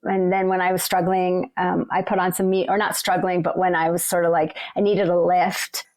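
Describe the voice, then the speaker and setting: A woman, an ultrarunner, casually telling the story of a race in a chatty, animated way. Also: lowish voice, normal speed. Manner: chatty and animated, filled with "like" and "you know".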